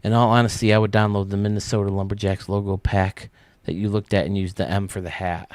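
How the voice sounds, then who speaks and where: A man with a lowish voice chats casually on a gaming stream, thinking aloud and rambling between ideas. He laughs often. The sound is dry and close to a desk mic. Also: level tone, fast talker, darkish tone, no room sound. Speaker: streamer and game designer host.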